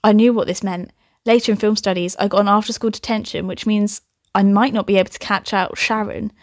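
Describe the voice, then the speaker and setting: Reading a comic story she wrote in the past, a young podcast host frequently stops for giggly, chatty asides that include swearing. She has a medium-pitched voice, fairly even intonation and a brisk pace. The audio is dry and studio quality.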